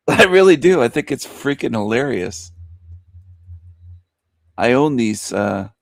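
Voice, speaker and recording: A man's voice: mid-range voice, very animated, takes it slowly, creaky, no echo. A ranting male radio host with a crude delivery, chuckling at his own jokes. His voice sits in a middling range and sounds dry and close to the mic. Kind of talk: shock-jock monologue.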